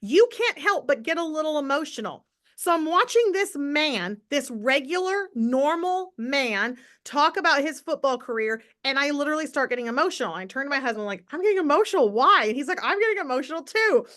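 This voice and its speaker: A woman's voice: high voice, lively intonation, fairly quick, a bit bright. A woman leading a live motivational morning call for her team, upbeat and enthusiastic, chatting to viewers and repeating key points for emphasis. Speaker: network marketing team leader.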